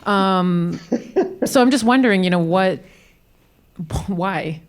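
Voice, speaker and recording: A woman's voice: mid-range voice, animated, slow. A woman from the audience asking a hesitant question at a live Q&A, with many fillers.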